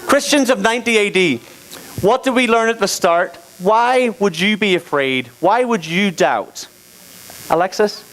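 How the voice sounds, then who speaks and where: The recording is rough, and the man's voice sits high as he speaks at a measured pace into a handheld microphone. He's a youth teacher guiding volunteers through a skit in an interactive Bible lesson, playful, animated and laughing.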